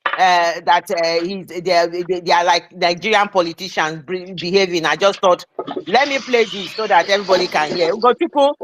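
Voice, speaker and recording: A man's voice: high voice, fairly even intonation, normal speed, fairly bright tone, a little hiss or hum. A man moderating an online audio room, apologetic and stammering as he hands over the floor.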